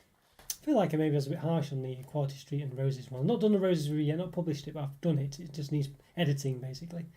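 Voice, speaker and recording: A man's voice: on the high side, quick pace, dark tone. A young man hosting a casual live stream, rambling and chatting with viewers, with lots of fillers and restarts. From northeast England. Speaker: livestream host reading chat.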